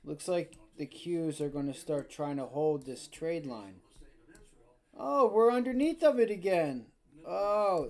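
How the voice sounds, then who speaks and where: A man's voice: sits high, mellow. A man hosting a live day-trading stream, talking viewers through charts with profane, exasperated rants and repeated phrases. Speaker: day-trading livestream host.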